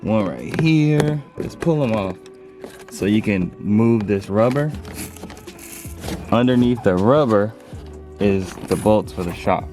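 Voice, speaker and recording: Filming on a handheld phone while working with his hands, a man talks loosely through a chatty how-to for his car channel. He has a lowish voice, speaks slowly, and pauses often over background music.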